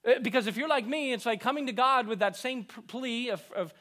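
A man with a high, light voice preaches a sermon from the pulpit. He speaks in slow, deliberate phrases, swelling into emphatic peaks and then dropping to a hush. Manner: earnest preaching, rising to emphatic peaks and dropping to hushed lines. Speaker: pastor.

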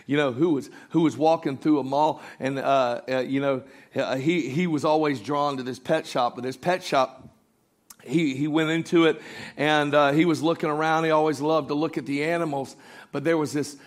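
A man preaching a sermon, telling a story and building to loud, emphatic peaks. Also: fairly high pitch, moderate pace.

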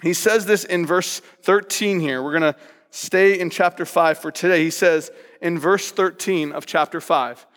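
A male pastor preaching a sermon in a lively, conversational way, hammering points home with playful repetition. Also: fairly high pitch, moderate pace, in a large hall.

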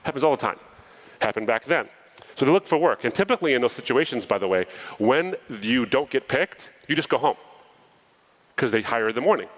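A man's voice: medium pitch, a little fast, rough recording. A man preaching a sermon, reading a parable aloud and breaking off into casual asides to explain it. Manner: animated storytelling, reading scripture with asides.

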